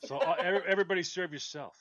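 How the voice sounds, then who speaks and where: Animated male radio host, bright voice. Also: high-pitched, racing, lo-fi sound. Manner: animated storyteller, acting out quoted voices. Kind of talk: casual chat on a call-in show.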